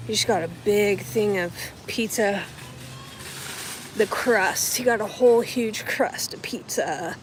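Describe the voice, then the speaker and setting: A woman's voice: medium pitch, takes it slowly, soft background music, rough recording. A woman vlogging casually as she runs errands between rideshare shifts, talking to herself and to viewers as she goes. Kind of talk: casual vlog narration while running errands.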